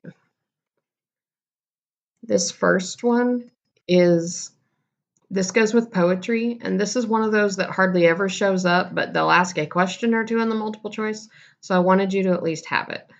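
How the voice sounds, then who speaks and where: A woman's voice: mid-range voice, moderate pace, creaky, long pauses, dull audio. A woman teacher giving a casual recorded lesson, explaining terms and correcting herself as she goes.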